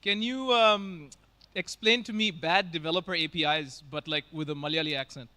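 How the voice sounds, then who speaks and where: A man's voice: a little high, normal speed, bright, forceful tone. A man from Bangalore, hosting a conference with casual joking stage banter and teasing the audience. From Bangalore, India. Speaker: conference host.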